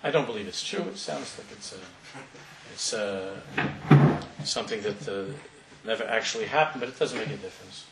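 Picked up from a distance in a spacious hall over a noisy crowd, a middle-aged rabbi tells a sermon story. His voice sits on the low side and is expressive, moving at normal speed, while his telling rambles conversationally with frequent restarts.

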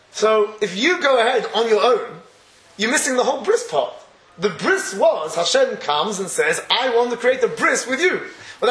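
A man teaches a Torah class in a fairly high voice. He keeps it conversational, chuckling often and acting out little everyday scenes. The echoey room rings around his words. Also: a bit bright.

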